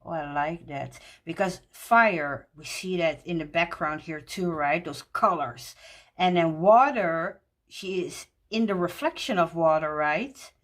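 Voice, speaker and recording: A woman walking through a tarot deck in casual talk, gushing and excited, laughing often. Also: low voice, measured pace.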